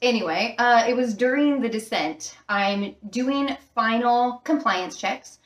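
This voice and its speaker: Slightly high and animated, this woman speaks a little slowly and is recorded from a distance. A former flight attendant, she swaps casual, filler-heavy stories in a home room with a fish tank, where the mic captures plenty of room.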